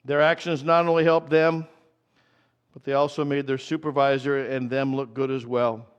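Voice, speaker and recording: A pastor preaching a sermon in a conversational style, slowing down to repeat key phrases. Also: male voice, mid-range voice, little pitch movement, smooth, dull audio.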